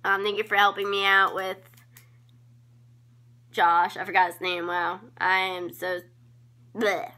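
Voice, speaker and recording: A teenage vlogger talks into her phone camera in a casual shout-out video, gushing over friends at an unhurried, drawn-out pace, full of ums, likes, and giggles. Her mid-range voice sounds bright and a little tense, with a level tone.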